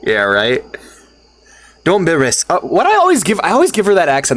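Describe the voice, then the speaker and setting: A man's voice: a little high, wildly swooping pitch, fast, a bit bright. Rambling, swearing male streamer. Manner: rambling, swears freely, laughs often. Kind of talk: casual stream chat.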